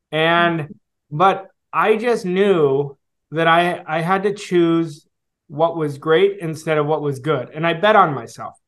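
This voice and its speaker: Male guest coach in his forties, slightly high voice, earnest reflective storyteller with pauses and fillers. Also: fairly bright tone. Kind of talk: storytelling interview answer.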